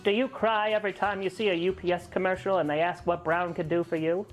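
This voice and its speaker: A man doing taunting football-fan rivals over soft music. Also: sits high, steady tone, fast, close to an everyday voice. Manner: taunting, mocking banter. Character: trash-talking grown male football fans. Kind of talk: comedy sketch acting.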